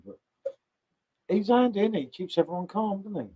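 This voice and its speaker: A man's voice: sits high, brisk. A man hosting a casual live stream from his home, chatty, and he keeps tagging questions onto what he says. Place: home sitting room.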